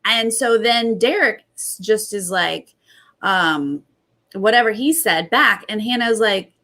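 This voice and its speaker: A young adult woman hosting a casual recap, retelling events in animated bursts and quoting others. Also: medium pitch, slow. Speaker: host.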